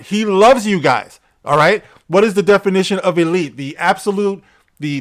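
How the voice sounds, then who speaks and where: Sarcastic man with a higher voice. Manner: sarcastic and emphatic, with blunt profanity. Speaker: commentary channel host. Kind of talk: opinionated commentary reading from a news article.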